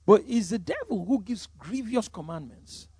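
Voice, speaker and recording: Male pastor, high husky voice, emphatic sermon delivery. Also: animated, normal speed, no echo. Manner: emphatic, swinging from loud exclamations to hushed storytelling.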